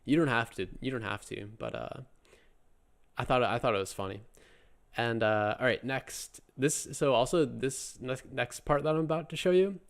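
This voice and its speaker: A man's voice: mid-range voice, moderate pace, vocal fry. A man giving a casual, chatty language lesson, joking and circling back with lots of fillers and restarts. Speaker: Korean language teacher.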